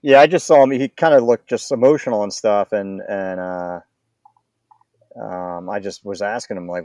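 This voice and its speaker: A man's voice: on the low side, moderate pace, darkish tone, no echo. A man recounting filming moments in a casual interview, loose and laid-back with chuckles. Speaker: documentary cameraman guest.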